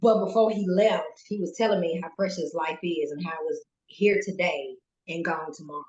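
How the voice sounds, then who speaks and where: A woman guest telling a personal story in a goofy, animated way and acting out the quotes. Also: fairly low pitch, normal speed, muffled recording. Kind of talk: casual storytelling. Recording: roomy echo. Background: pet rabbit scratching cage.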